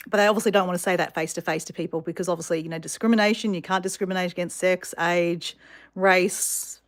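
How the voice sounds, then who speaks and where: A woman telling a story to her viewers in a chatty, animated way with many fillers. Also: fairly low pitch, fast. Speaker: vlogger.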